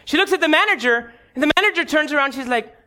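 A man with an extremely high-pitched voice preaches a sermon quickly and animatedly, his tone bright and forceful. As a pastor, he tells a personal story with candid humor, speaking straight to his congregation.

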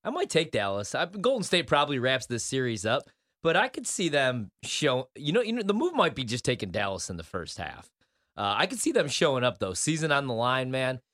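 A man's voice: mid-range voice, sing-song, brisk, fairly bright tone. A man co-hosting a sports betting show, giving loose, rambling picks. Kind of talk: casual sports betting chat.

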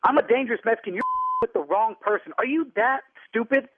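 Furious high-voiced raspy man on a phone line. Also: quick pace, no echo. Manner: indignant, shouting insults. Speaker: prank call target. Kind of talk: angry phone argument.

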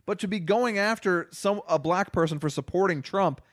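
A man co-hosting a movie podcast, talking casually and ranting in an animated, exasperated way. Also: high-pitched, moderate pace, no echo, clean studio sound. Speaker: podcast co-host reviewing movies. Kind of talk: casual chat.

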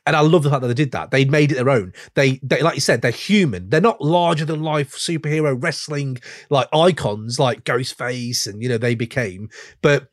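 A man hosting a casual podcast chat, excitable, sweary and enthusiastic. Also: mid-range voice, moderate pace, no echo, clean studio sound. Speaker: podcast host.

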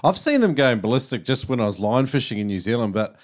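A man, from Queensland, hosting a casual interview and asking questions in a relaxed way with fillers. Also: mid-range voice, quick pace. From Queensland, Australia. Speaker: podcast host.

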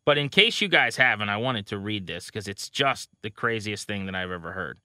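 Man, baseball podcast co-host, very bright voice, dry close sound, wry stat-heavy chat. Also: on the low side, animated, fairly quick, clean tone, no echo. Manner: rattles off stats, wry. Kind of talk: casual sports talk.

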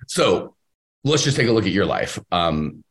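A man in casual podcast conversation, giving business advice with an emphatic, animated delivery and playing out the voices he quotes. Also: sits low, unhurried. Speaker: podcast host and business coach.

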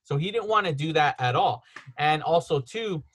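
A man's voice: fairly high pitch, lively intonation, a bit bright. Rambling man telling film stories. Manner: rambling, storytelling with quick laughs. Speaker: podcast host. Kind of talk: casual chat. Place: home.

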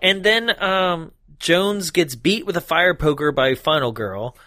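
A man's voice: on the high side, measured pace, dry recording, clean studio sound. A man co-hosting a casual podcast chat about a horror movie, laughing often and acting out scenes. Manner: animated, laughing, acts out scenes. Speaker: podcast co-host.

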